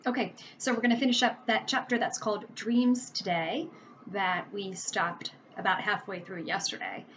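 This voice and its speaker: A woman's voice: mid-range voice, moderate pace, a bit bright. A woman reading a chapter book aloud to children, playful, laughing now and then and doing character voices. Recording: dull lo-fi with faint noise.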